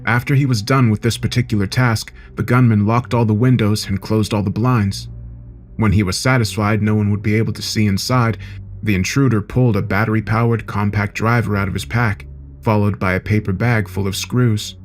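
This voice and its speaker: Low-voiced man narrating horror. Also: steady tone, brisk, soft background music.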